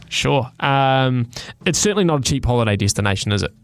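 A medium-pitched, smooth male voice belongs to a radio co-host. He banters casually and jokily through lighthearted news, rambling and using plenty of fillers.

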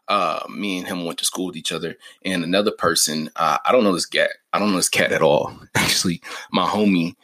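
A young man hosting a casual podcast, talking loosely with lots of slang, swearing and fillers. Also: deep voice. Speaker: podcast host.

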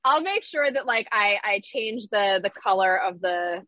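A woman's voice: medium pitch, lively intonation, normal speed, few pauses, bright, forceful tone, no echo, poor audio. A woman co-hosting a casual podcast chat, blunt and ranting, laughing often. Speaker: podcast co-host.

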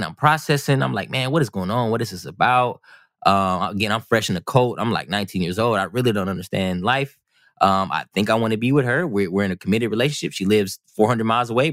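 Man, low voice, quick rambling storytelling, self-mocking, dry close sound. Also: a bit bright, no echo. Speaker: podcast guest. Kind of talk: casual storytelling chat.

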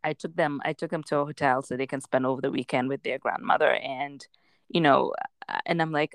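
A woman in her forties telling parenting stories in a casual chat, expressive, acting out quotes and laughing often. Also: very deep voice, brisk, no room sound, studio quality. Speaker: parent sharing experiences.

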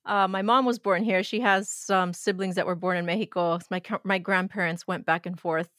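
A woman's voice: lowish voice, fairly even intonation, normal speed, a bit bright, dry recording, studio quality. A woman guest born in the United States, talking reflectively in a casual interview and laughing often.

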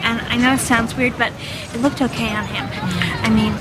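An actress playing a chatty young woman witness in a film, gushing and offbeat as she rambles through her account in a bright, higher voice. Loud crowd noise and music fill the film clip behind her. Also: steady tone, moderate pace, natural voice, poor audio. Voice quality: breezy, rambling. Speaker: witness in a news interview. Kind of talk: film dialogue.

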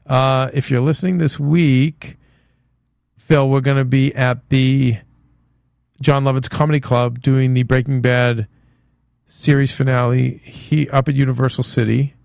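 A man's voice: medium pitch, level tone, measured pace, creaky, darkish tone, dry recording, studio quality. A man hosting a casual TV-talk podcast, rambling with frequent restarts. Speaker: podcast host. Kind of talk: casual chat.

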